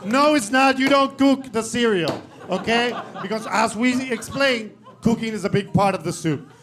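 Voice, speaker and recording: High-voiced man doing stand-up comedy. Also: crowd noise, noisy background. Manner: animated, mock-outraged rants with quick asides. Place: comedy stage before a live audience. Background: audience laughter.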